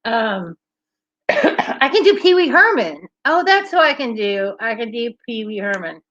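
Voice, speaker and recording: A woman's voice: on the high side, very animated, a little slow, fairly bright tone, no echo, lo-fi sound. A woman hosting a livestream, chatting casually and cheerfully with viewers and laughing often. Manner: bubbly, laughs often, chats with live comments. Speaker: livestream host.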